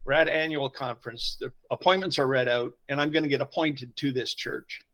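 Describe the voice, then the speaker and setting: A middle-aged man, a pastor telling personal stories in an interview, swinging from quiet asides to loud emotional bursts. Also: medium pitch, steady tone, a little fast, low-quality recording. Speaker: pastor, podcast guest. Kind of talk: conversational storytelling interview.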